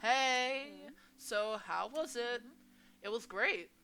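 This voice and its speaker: A young woman reading a visual novel aloud as a gaming host, expressive and playful as she voices each character. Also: on the high side, unhurried, creaky, a little hiss or hum. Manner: expressive, reads each character's lines with shifting energy.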